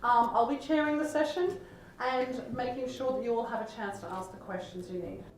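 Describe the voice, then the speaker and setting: A woman chairing a conference panel, upbeat and giving clear instructions to the audience. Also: on the high side, normal speed, noisy background. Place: big conference room. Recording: echoey hall from far off.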